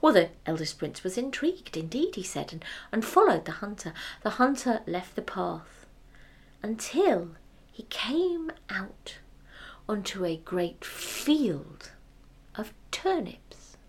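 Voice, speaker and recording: A woman telling a fairy tale aloud, expressive, dropping to whispers for effect. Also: medium pitch, slow pace, breathy edge. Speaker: storyteller. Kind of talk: oral fairy-tale storytelling.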